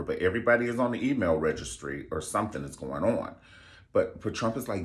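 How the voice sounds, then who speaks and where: Young man, low voice, lively swooping pitch, sassy, profane commentary. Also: brisk. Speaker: vlogger. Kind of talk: casual commentary.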